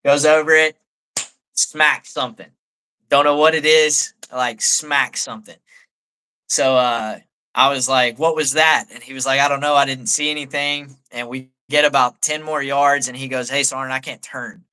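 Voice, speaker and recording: A man's voice: medium pitch, steady tone, moderate pace, sharp tone, clean tone. A man, an army staff sergeant, telling a story in a laid-back way as a guest on a live talk show, with lots of "like". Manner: laid-back, peppers speech with "like".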